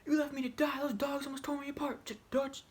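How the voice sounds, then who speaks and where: A man voicing a furious, betrayed male outlaw who screams at his old gang boss in a strained, shrill yell. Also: flat delivery, fast talker. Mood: enraged. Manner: yelling at the top of his voice.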